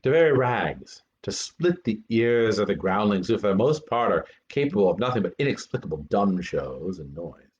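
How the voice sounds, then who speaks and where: Hamlet, an earnest young prince, read by a man. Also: fairly low pitch. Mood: instructing. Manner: animated, deliberate verse delivery. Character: young male prince, earnest, lecturing actors. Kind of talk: amateur dramatic reading. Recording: dull lo-fi recording.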